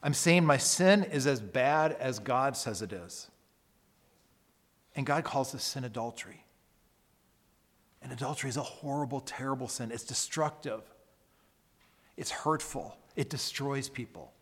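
A man's voice: medium pitch, moderate pace. A man preaching a sermon as pastor, earnest and emphatic, often repeating words as he builds a point. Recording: long hall reverb.

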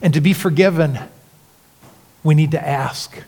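A male pastor preaching with earnest conviction, his somewhat high voice swinging between hushed, near-whispered phrases and emphatic, rising appeals. The sound carries a long reverb from the church sanctuary around him. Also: measured pace. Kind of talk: sermon.

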